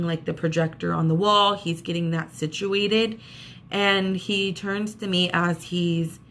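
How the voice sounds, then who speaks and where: Brief: woman vlogger, casual storytelling, gravelly fry, faint background hiss. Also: mid-range voice, fairly bright tone. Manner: chatty, acts out what others said.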